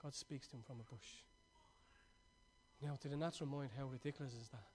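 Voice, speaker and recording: A man preaching a sermon, moving from lively, laughing stories to quiet, urgent exhortation. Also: medium pitch, fairly quick, slight background noise. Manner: swings from excited, laughing storytelling to hushed, urgent exhortation.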